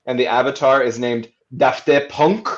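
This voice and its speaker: Man, tabletop player, halting, lots of fillers, muffled lo-fi audio. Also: medium pitch, steady tone. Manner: halting, full of fillers and restarts. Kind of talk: narrating his character in a tabletop game.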